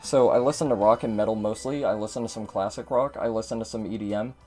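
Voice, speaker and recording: A man's voice: lowish voice, steady tone, quick pace, a little mellow, faint music behind. A man giving casual gameplay commentary as a streamer, chatty and swearing a lot.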